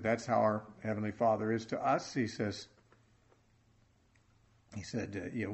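A man teaching from the Bible in an earnest sermon, speaking haltingly and restarting his phrases often. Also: fairly low pitch. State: choked up with emotion.

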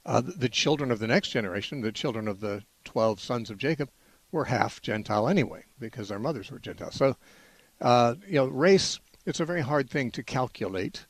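A man hosting a call-in radio Bible show, explaining in a measured way with frequent "uh" restarts. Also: mid-range voice, no room sound. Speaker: radio Bible-answer host.

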